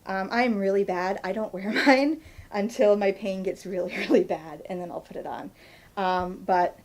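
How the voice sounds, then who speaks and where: A woman's voice: mid-range voice, normal speed, a little mellow, a little hiss or hum, rough recording. A woman in her thirties, a physical therapist, demonstrating stretches in a chatty how-to vlog and laughing at herself. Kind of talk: instructional vlog demo.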